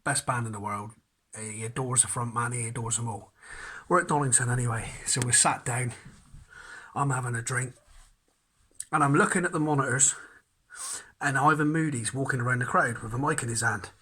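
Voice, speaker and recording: A man's voice: medium pitch, normal speed, pauses often, pushed and bright, a little hiss or hum. A man telling a festival anecdote and acting out the quotes. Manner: chatty storyteller, acts out quotes. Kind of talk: casual anecdote.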